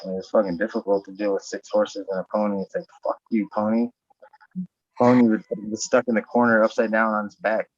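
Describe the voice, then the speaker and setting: A man's voice: fairly low pitch, flat delivery, fast talker, hardly any pauses, no echo. A man in casual podcast chat, profane and rambling, raising his voice when he acts out what he said. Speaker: podcast host. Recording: dull lo-fi sound.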